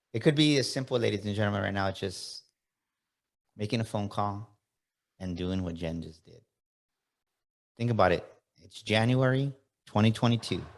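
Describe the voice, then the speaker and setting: A man with a fairly low voice hosts a motivational podcast interview. He talks straight to the listeners and rallies them like a preacher. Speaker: podcast host.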